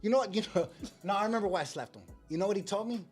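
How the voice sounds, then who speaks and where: A man telling a story in casual chat, profane and animated, full of street slang. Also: sits high, very fast, husky, soft background music. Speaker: podcast co-host.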